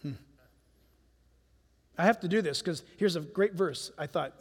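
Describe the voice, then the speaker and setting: A man preaching a sermon as pastor in a church, animated and firing rhetorical questions at his congregation. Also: high voice, normal speed, husky. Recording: long hall reverb.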